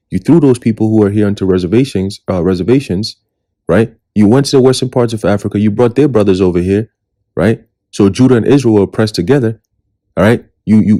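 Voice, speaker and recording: A man's voice: lowish voice, warm tone. A man preaching a scripture sermon, emphatic and full of rhetorical questions, often checking in with "okay?" and "right?", sometimes taunting. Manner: mocking, taunting tone at times.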